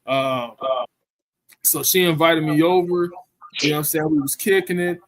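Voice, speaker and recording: A man with a slightly higher voice tells a rambling, profane story in a loose, chatty way. He keeps tossing in "you know what I'm saying" between thoughts. The sound is dry and close, with no room around it. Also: moderate pace, no room sound. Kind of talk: casual storytelling rant.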